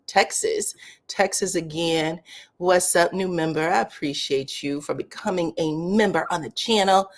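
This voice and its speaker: A woman hosting a live commentary stream, chatting casually and greeting viewers one by one in drawn-out welcomes. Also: low-pitched.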